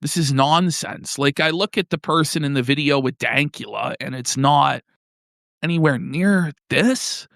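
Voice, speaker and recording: A young man co-hosting a crude comedy stream, mocking and loud, slipping into joke voices. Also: on the high side, a little slow, gravelly, no echo, clean studio sound. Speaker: podcast co-host.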